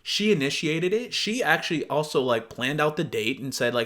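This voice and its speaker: Young man, slightly high pitch, casual reaction commentator, blunt and profane. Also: sing-song, moderate pace, a bit bright.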